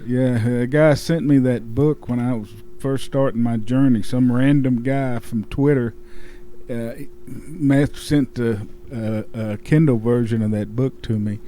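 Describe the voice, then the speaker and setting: A man hosting a podcast interview, talking in a halting way and often restarting his sentences. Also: mid-range voice, steady tone, warm tone, slight background noise. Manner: halting, many fillers and restarts. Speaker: podcast host. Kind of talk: casual interview chat.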